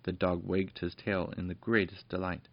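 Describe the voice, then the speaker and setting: A man's voice: deep voice, level tone, normal speed. A man reading a children's story aloud in a homely way, adding little asides to the listener, on a dull lo-fi recording.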